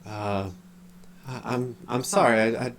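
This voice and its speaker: A man's voice: mid-range voice, steady tone, a little slow, a crowd in the background, voice pushed up, natural voice. A man voicing a polite, puzzled female shopkeeper in a tabletop game, hesitant and stammering. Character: puzzled middle-aged female town shopkeeper, later cold killer.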